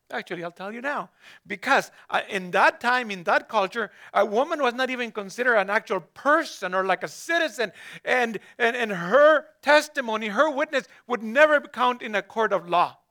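A man's voice: very high-pitched, sharp tone. A man preaching a conversational sermon, asking his listeners rhetorical questions and addressing some of them by name.

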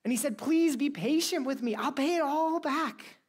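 A woman voicing a desperate male servant pleading with his master for mercy, pitched up and loud. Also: moderate pace, natural voice.

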